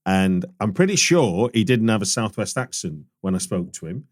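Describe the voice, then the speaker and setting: A man's voice: fairly low pitch, sing-song, normal speed. A man hosting a podcast, asking questions in a chatty, joking way. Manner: chatty, jokey interviewer asking follow-up questions. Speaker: podcast host. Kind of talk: casual podcast interview.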